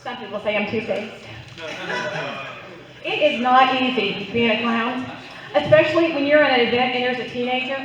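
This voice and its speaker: A woman's voice: fairly high pitch, normal speed, long pauses. Woman doing stand-up in an echoey club. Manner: playful, chatty, works the crowd. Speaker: stand-up comedian. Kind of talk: stand-up comedy set. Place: club stage, live audience. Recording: roomy, distant, dull live recording.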